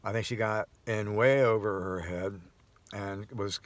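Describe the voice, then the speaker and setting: Male vlogger, lowish voice, loose rambling monologue with restarts and chuckles. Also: fairly even intonation, unhurried, dry recording. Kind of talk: casual personal monologue.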